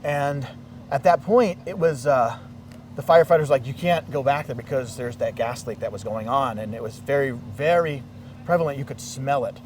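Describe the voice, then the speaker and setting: A man being interviewed outdoors in a neighborhood, telling a personal story in an animated way and acting out what people said. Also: mid-range voice, normal speed, far from the mic, slight background noise. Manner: animated, acts out quoted dialogue. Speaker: interviewee, local resident.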